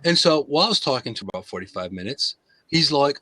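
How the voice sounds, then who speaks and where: Man, fake British accent, playful storyteller, bright forceful voice, dry close sound. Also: medium pitch, very animated, fast, slightly rough, no room sound. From United States. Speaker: host. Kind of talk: casual live-stream chat.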